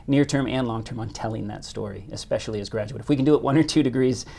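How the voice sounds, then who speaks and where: A man's voice: medium pitch, gravelly, warm tone. A man being interviewed as a hotel company executive, speaking with frequent restarts and repetitions. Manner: halting, many restarts. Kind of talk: business interview.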